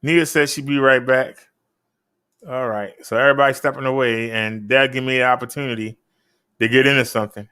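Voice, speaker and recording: A man's voice: medium pitch, fairly even intonation, fairly quick, pushed and bright, clean tone. A man hosting a casual live stream, chatting with viewers in a laid-back, direct way. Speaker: live-stream host reviewing e-bikes.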